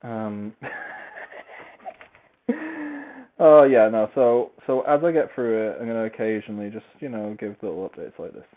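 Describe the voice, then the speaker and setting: A man's voice: on the low side, a little fast, few pauses. A man talking in a casual, meandering, self-deprecating monologue while he moves about tidying his home. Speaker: podcaster reviewing a book series. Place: at home, large open-plan room. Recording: tinny phone-like recording, faint noise.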